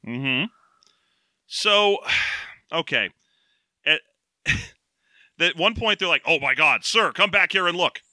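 A man's voice: on the high side, animated, slow, pauses often, pushed and bright, dry recording. A man co-hosting a casual podcast, recapping a story in a joking, rambling way. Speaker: podcast co-host. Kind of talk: casual book-discussion chat.

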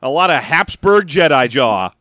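A man's voice: on the high side, big pitch swings, normal speed, sharp tone, no room sound. A man co-hosting a podcast, chatting casually with dry, sarcastic jokes. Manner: dry, joking, riffs sarcastically. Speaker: podcast co-host. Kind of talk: casual chat.

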